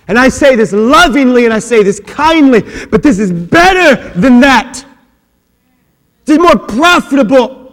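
A male pastor with a high voice delivers a sermon in a large church hall, and long reverb trails each phrase. He shifts between relaxed, conversational asides and loud, stretched-out emphasis, and he repeats key words to drive them home. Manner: swings from quiet chatty asides to shouted, drawn-out emphasis.

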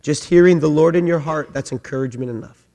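Male pastor, high-pitched, fervent repetitive preaching; church hall with long reverb. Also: fast talker. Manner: emphatic repetitive preaching, rising to loud peaks. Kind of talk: sermon.

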